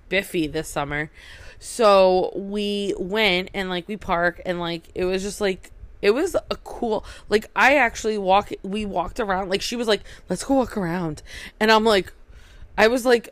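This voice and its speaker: A woman's voice: on the low side, clean tone, no echo. A young woman from New York telling a rambling casual story, swearing freely and saying "like" constantly. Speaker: vlogger.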